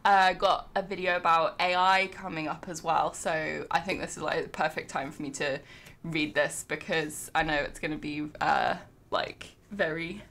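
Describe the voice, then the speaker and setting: On her home livestream, a young adult woman talks casually with many ums and restarts, then reads aloud from a nonfiction book into her desk mic. She speaks at a normal speed in a low-sitting, fairly bright voice with fairly even intonation.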